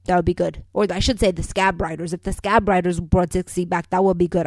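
A woman hosting a casual solo podcast that recaps a soap opera. She is chatty and opinionated, keeps calling her listeners "people," and swings from loud emphatic bursts to quiet asides. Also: on the low side, a little fast, hardly any pauses, dry recording.

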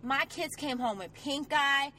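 A tired woman in her thirties chats on a podcast in a slightly high voice. She tells stories bluntly and swears freely. A faint hiss sits behind her. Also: measured pace, bright, forceful tone, low-quality recording. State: tired from lack of sleep. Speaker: podcast co-host. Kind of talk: casual chat.

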